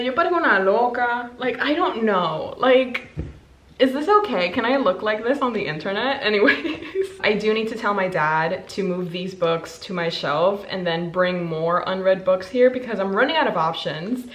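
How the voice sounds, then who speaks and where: Book vlogger, woman in her 20s, gushing and excitable, mid-pitched, echoey room. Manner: bubbly, gushing, quick bursts of excitement. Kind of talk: casual chat to camera.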